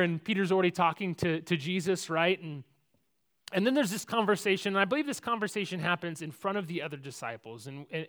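A man preaching a sermon, telling a Bible story with big swings between loud and hushed, often repeating words and restarting sentences. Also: high-pitched. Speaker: pastor.

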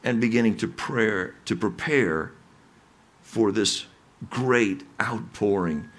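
A man's voice: on the low side, slow pace. A man preaching a sermon, talking conversationally with small restarts and growing emphatic when he reads scripture. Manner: earnest, rising to emphatic readings of scripture. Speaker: pastor.

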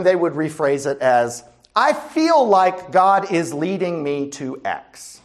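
A man's voice: on the high side, very animated, measured pace. A middle-aged man preaches as a pastor in an easy, conversational way. He keeps a dry, humorous edge and often turns to his listeners with rhetorical questions. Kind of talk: sermon.

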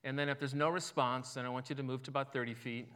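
A man voicing a calm male doctor who explains a simple test, in a measured way. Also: mid-range voice, clean tone, close to an everyday voice. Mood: instructing.

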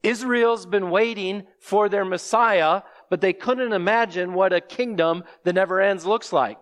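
A man's voice: sits high, unhurried, a bit bright. A man preaching an expository sermon, explaining scripture and asking the listeners rhetorical questions.

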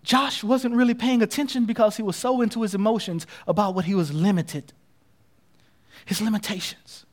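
A man preaching a sermon, telling a story dramatically and swinging from hushed to loud. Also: high-pitched, steady tone, moderate pace.

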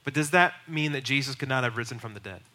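A pastor in his middle years teaches on sharing the faith. His voice is strikingly bright and sharp, and he speaks earnestly and with emphasis, now and then pressing into raised, urgent stretches. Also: medium pitch, fast. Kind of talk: teaching on evangelism.

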